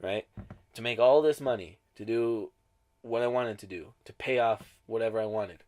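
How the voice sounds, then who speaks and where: Young male co-host, low voice, laid-back and reflective, casual podcast chat. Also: normal speed, darkish tone.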